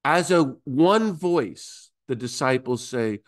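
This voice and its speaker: A man, a priest, teaching a Bible class, retelling gospel scenes and acting out the disciples in higher voices. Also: unhurried. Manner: animated, acts out disciples in high voices.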